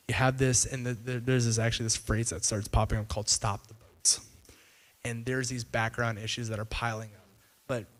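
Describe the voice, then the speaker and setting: A man presenting a casual explanatory video commentary, talking conversationally with fillers and loose restarts. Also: medium pitch. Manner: conversational, retells events with "he's like" and paraphrased quotes.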